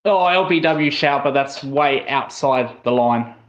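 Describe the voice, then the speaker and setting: A man from South Australia with an Australian accent, commentating a cricket match live for his stream in a casual, excitable way that jumps up on big moments. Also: mid-range voice, measured pace, muffled recording. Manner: excitable, rises sharply on wickets.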